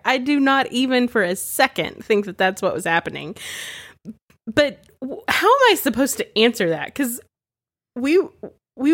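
A woman from Texas co-hosting a podcast, telling a story in a casual, animated way and laughing often as she goes. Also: high-pitched, no echo, clean studio sound. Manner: animated, laughs through her own story. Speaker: podcast co-host.

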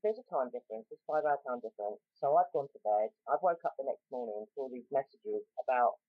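A woman's voice: extremely low pitch, expressive, quick pace, no room sound. A woman with a South London accent telling a story in a casual chat, rambling with lots of ums and restarts. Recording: tinny phone-like line, dry.

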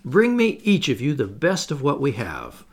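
A man voicing a bossy, eager boy who leads the others, talking in brisk commands. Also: mid-range voice, wildly swooping pitch, breathy edge, heavily acted. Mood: commanding.

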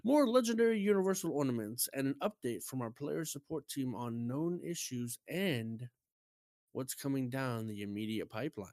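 Lively, animated man podcast host. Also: mid-range voice, moderate pace, dry recording. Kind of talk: casual podcast chat and reading news aloud.

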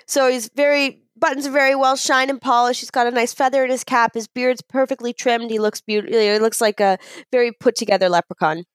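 A woman's voice: on the high side, fairly quick, no room sound. A woman co-hosting a casual podcast, playfully telling a long joke. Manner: playful, animated storyteller. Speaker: podcast co-host.

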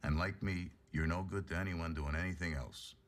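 An actor playing a blunt, swearing middle-aged hockey enforcer with a Canadian accent. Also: male voice, deep voice, fairly even intonation, normal speed, lightly acted. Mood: gruff.

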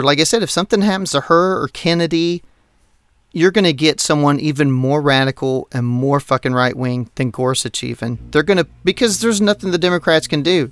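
A man's voice: on the high side, a bit bright, smooth, no room sound, studio quality. Man ranting heatedly, swearing constantly. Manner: heated, swears constantly, laughs between points. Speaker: podcast co-host. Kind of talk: profane political rant.

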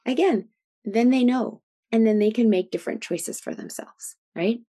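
A middle-aged woman with a warm, mellow voice talks through her points as an interview guest. She explains in a chatty, flowing way and keeps checking in with "right?". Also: on the high side, moderate pace. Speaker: guest expert on food sensitivities. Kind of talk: conversational interview.

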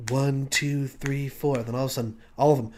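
A man pitching a comic idea, telling it as an animated story and acting out scenes. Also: fairly quick. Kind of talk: comic pitch, casual banter.

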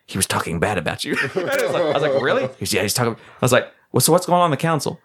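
Against a noisy background, a male podcast co-host spins a loose, casual story in a sing-song voice at a very fast clip. Laughter breaks in often, and whenever he quotes someone he drops into a lower mutter.

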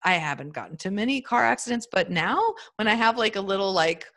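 A woman in her fifties talking earnestly in a casual podcast interview over a remote call, in short halting phrases. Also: medium pitch, expressive, fairly bright tone. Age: 50s. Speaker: guest. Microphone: remote audio call.

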